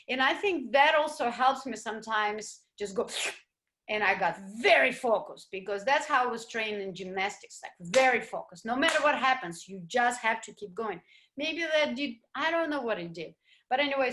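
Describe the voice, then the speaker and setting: A woman dancer recounts her experiences in an interview, her voice sitting a little high and full of expression. She talks animatedly and sometimes searches for words. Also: a bit bright. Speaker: ballroom dancer and teacher. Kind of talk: interview storytelling.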